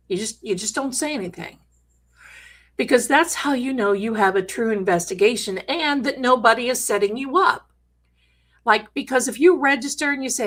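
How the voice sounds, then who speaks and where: A woman's voice: a little high, moderate pace, a bit bright. A middle-aged woman hosting a live stream, telling a story in a chatty, dramatic way with jokey asides. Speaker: host.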